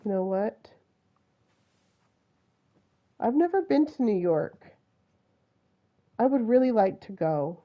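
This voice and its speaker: A woman's voice: medium pitch, very animated, a little slow, dull audio. A woman from Utah with a Utah accent, chatting through live gameplay commentary and talking to the animals on screen. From Utah, USA. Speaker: game streamer.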